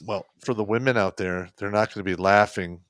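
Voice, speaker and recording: Man, very deep voice, dry sound, laid-back stream co-host. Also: fairly even intonation, a little fast, a bit bright, dry recording. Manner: laid-back, short agreeing replies. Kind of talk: casual live stream chat.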